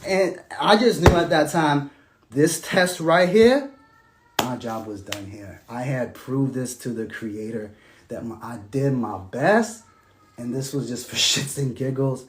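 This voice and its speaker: A man talking casually and emphatically about his marriage, sometimes dropping to a soft, low tone as he recounts events. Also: unhurried, a little hiss or hum. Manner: animated and emphatic, sinking to soft, low tones when recounting. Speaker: estranged husband telling his side. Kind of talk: casual monologue.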